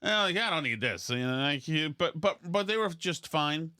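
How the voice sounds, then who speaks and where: A man's voice: on the high side, lively intonation, normal speed, sharp tone, clear, resonant tone, dry recording, clean studio sound. A man hosting a podcast, rambling and self-deprecating in casual comedic chat, full of restarts. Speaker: podcast host.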